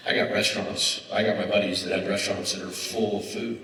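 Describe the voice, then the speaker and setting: Forceful low-voiced man in an echoey hall. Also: a little fast. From Humboldt, northern California. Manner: animated storytelling, emphatic. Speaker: keynote guest speaker. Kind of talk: onstage conversation with an interviewer. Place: large conference hall. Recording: echoey hall, picked up from far off.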